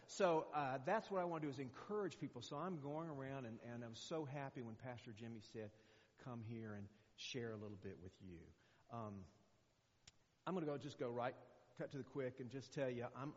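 A man in his sixties preaching as a guest speaker in a conversational, rambling way, full of fillers and restarts. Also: medium pitch. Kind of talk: sermon. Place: church hall. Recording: muffled echoey church recording.

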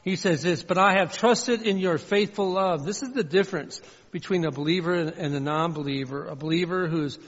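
A man preaching with a high, ringing voice that carries through a long-echoing sanctuary. He is fervent and repetitive, often slipping into the words of a prayer as he speaks. The sound is dull and muffled, like an older church recording. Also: a little fast, few pauses. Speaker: pastor. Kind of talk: sermon. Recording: dull, reverberant hall sound.

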